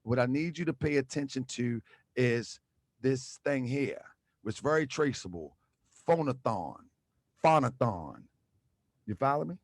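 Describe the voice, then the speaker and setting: A man's voice: mid-range voice, no room sound. A man hosting an exposé commentary, talking casually with slang and hammering points with repeated rhetorical questions. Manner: repetitive, emphatic, rhetorical questions. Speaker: channel host. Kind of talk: exposé commentary on video clips.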